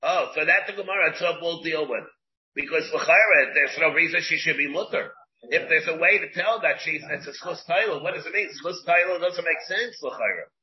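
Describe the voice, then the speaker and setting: A man, a rabbi, teaching a Talmud class, explaining slowly in English dotted with Hebrew and Aramaic terms, with many restarts. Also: a little high. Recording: dull lo-fi class recording.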